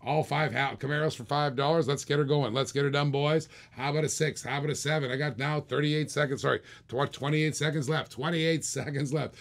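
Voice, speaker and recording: A man hosting a live-streamed toy car auction, calling bids in quick repeated bursts with chatty asides to viewers. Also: fairly high pitch, fairly even intonation. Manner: rapid repetitive bid calling, chatty asides. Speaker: auctioneer host.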